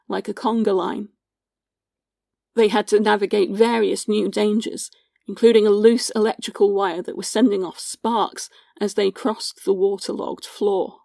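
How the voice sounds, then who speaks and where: A woman hosting a podcast, giving scripted history narration in a measured, sombre storytelling manner and reading out witness accounts. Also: medium pitch, creaky, warm tone, dry recording, clean studio sound. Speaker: podcast host.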